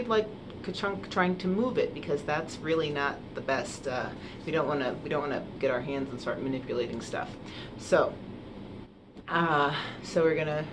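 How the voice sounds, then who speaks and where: A woman voice teacher explaining singing technique in a relaxed way, with many fillers, and sometimes singing the exercises herself. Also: fairly low pitch, background noise. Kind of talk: singing lesson. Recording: piano playing along.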